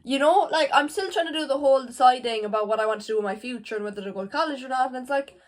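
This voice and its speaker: Teenage girl, high voice, rambling, swears casually, vlogging to camera at home. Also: very fast. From Ireland. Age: teens. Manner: chatty and rambling, swearing, full of "like". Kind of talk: casual vlog chat. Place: at home, indoors. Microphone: camera facing her.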